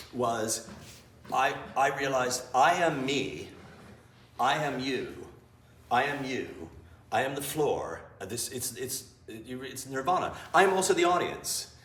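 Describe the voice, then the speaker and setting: An improv teacher appearing as an interview guest tells stories to a live audience in a small theater, his mid-range voice caught by a distant mic with a little hiss or hum. He's blunt and profane, swearing freely and acting out scenes as an animated storyteller. The room is echoey, with faint ambience around his far-off voice.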